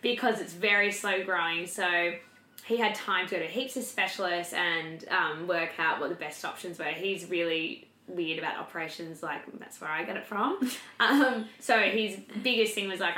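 A woman's voice: lowish voice, normal speed, bright, forceful tone, reverberant. A young woman in casual personal chat, candid and chatty, swearing freely and filling her talk with "like".

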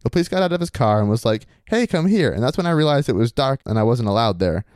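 A man's voice: mid-range voice, sing-song, very fast, a little mellow, no echo, clean studio sound. A man hosting a podcast, reading a listener's story aloud in a swaggering, crude bro persona. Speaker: podcast host.

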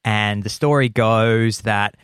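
A man's voice: lowish voice, steady tone, slow, fairly bright tone, clean tone, no echo, studio quality. A man hosting a podcast in casual chat, enthusiastic and playful, often repeating lines for effect. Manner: enthusiastic, repetitive listing, playful. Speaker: podcast host.

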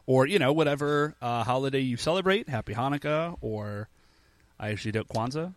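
A young man co-hosts a podcast, chatting in a laid-back way and dropping "like" into nearly every sentence. His voice is medium-pitched and brisk, with no room sound.

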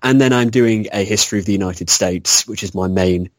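Male history podcaster as guest, lowish voice, dead-dry sound, wry jokes. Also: brisk, no echo. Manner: dry sarcastic humor, cackling laughs. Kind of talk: casual podcast interview. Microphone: video call.

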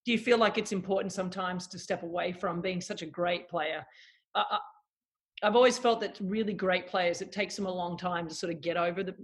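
A woman's voice: on the low side, a little fast. A woman hosting a podcast, asking questions in a chatty, conversational way. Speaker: podcast host. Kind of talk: casual interview talk.

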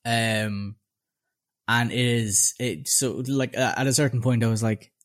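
A young man with a Dublin accent tells a story in a casual chat, at a mid-range pitch. He is sardonic and sweary, and he acts out every quoted line with animation. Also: unhurried. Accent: Dublin Irish. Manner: animated, profane, sardonic anecdote-telling with voiced quotes. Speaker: podcast co-host.

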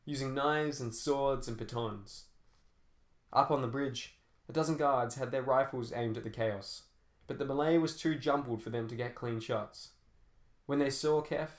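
A man narrating an action novel as an audiobook, telling fight scenes dramatically with shifting pace. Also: mid-range voice. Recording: roomy echo.

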